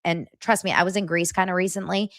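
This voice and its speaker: A woman hosting a podcast, recapping reality TV in a casual, gossipy way and slipping into high mimicking voices. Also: steady tone, fast, no echo, studio quality. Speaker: podcast host.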